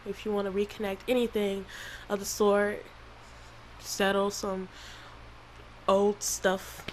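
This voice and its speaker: A woman with a Southern country accent, crying through a halting, emotional confessional vlog with many restarts. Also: medium pitch, a bit bright, a little hiss or hum, poor audio. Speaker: channel creator.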